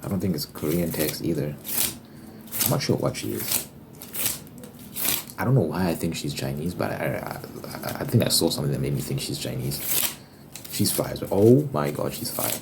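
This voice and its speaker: Very deep-voiced man rambling in ASMR. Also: expressive, moderate pace, pauses often. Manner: rambling, unfiltered, swears casually. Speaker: ASMR creator. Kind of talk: casual ASMR chat over tapping. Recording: clear background noise. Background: tapping and card shuffling noise.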